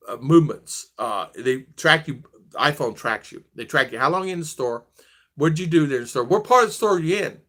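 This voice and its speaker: A man's voice: a little high, pushed and bright. A man in his sixties from the United States, telling rambling stories in a casual vlog chat, often restarting and trailing off. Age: 60s. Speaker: vlogger.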